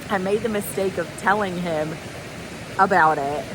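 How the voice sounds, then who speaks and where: A woman's voice: on the low side, brisk. Chatty woman, noisy outdoors. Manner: chatty, giggly storytelling. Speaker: thru-hiker vlogger. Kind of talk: casual vlog talk to camera. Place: outdoors by a waterfall and creek.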